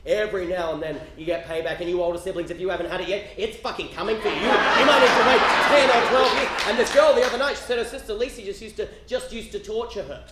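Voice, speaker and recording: An Australian man doing live stand-up comedy, profane and incredulous, often shouting to the audience. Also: sits high, fast talker, few pauses. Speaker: stand-up storyteller. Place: stage before a live audience. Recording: roomy live venue, loud crowd noise.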